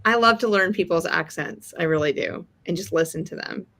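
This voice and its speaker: A friendly woman chatting on a home sewing livestream, with a somewhat low voice for a woman. She talks casually and easily, greeting viewers and keeping the chat going. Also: a little fast, a bit bright.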